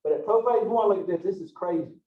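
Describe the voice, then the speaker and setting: A man teaching a biology lecture, lively and joking at his own expense, with frequent rhetorical questions. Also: high voice, quick pace. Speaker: biology instructor. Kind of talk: recorded online lecture. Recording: roomy, distant, dull lo-fi mic.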